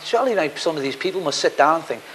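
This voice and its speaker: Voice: mid-range voice, expressive, very fast, faint music behind, rough recording. Exasperated speaker. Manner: emphatic, exasperated, rising and falling in volume. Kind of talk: documentary interview.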